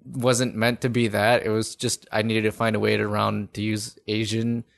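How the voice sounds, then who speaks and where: A man's voice: fairly low pitch, little pitch movement, normal speed, gravelly. A young man co-hosting a podcast, rambling and laid-back, swearing casually. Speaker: podcast co-host. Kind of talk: casual chat.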